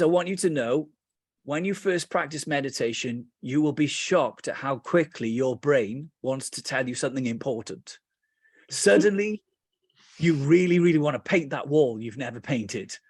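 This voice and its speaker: Husky-voiced British man guiding meditation. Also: a little high, no echo, studio quality. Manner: lively storytelling, playful asides; slows and softens into calm guidance. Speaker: meditation teacher. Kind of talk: guided meditation teaching.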